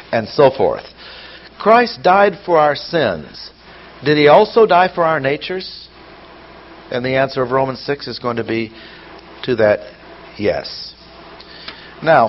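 A male Bible teacher works through a passage methodically, reading verses aloud and explaining them with rhetorical questions. His voice sits at a middle pitch. The recording is dull and lo-fi, with a faint hiss behind it. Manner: poses rhetorical questions to listeners. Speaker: preacher teaching scripture. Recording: dull lo-fi sound with faint noise.

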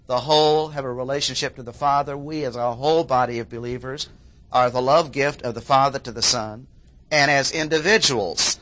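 A man delivering an expository sermon in a bright, forceful voice at a middling pitch. He leans on key phrases, repeating them for emphasis, and stops now and then to clear his throat. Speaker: preacher.

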